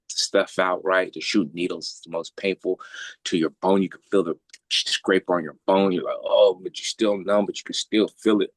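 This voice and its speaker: A man's voice: sits low, fairly bright tone, no echo. A man telling a personal story as a podcast guest in casual, blunt, profane street slang. He keeps checking in with "right?".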